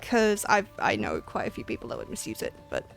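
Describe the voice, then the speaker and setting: A woman's voice: medium pitch, wildly swooping pitch, fairly quick, vocal fry, faint music behind. A woman streaming a game, chatting in a casual, rambling way and giggling often. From Australia. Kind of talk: casual livestream chat.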